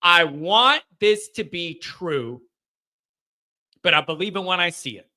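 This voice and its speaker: A man hosting a casual live call-in fan show, talking in an animated way and often laughing. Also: sits high, unhurried, long pauses. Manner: animated, laughing, mocking chat comments in a shouted voice. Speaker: host of a fan call-in livestream.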